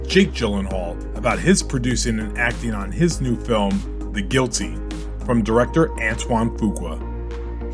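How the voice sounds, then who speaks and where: Male podcast host, middle pitch, slight lisp, music under the intro. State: slight lisp after a tooth extraction. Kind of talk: podcast introduction and casual chat.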